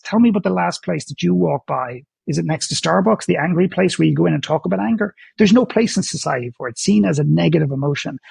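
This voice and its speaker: A man with a high-sided, creaky, husky voice and darkish tone appears as a guest, an author and speaker, on an interview show. He talks candidly, bluntly, and emphatically, often stammering as he restarts sentences. The recording is dry.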